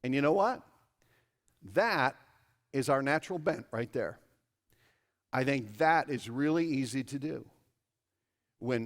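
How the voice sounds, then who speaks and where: A man pastor preaching a conversational, humorous sermon, his voice jumping higher for emphasis, heard in a church sanctuary. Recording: echoey church hall.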